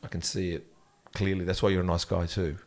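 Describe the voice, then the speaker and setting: Casting note: man, middle-aged, low voice, chatty and joking podcast host. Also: level tone, a little fast. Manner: chatty, joking, retells scenes with quoted voices. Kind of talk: casual podcast interview.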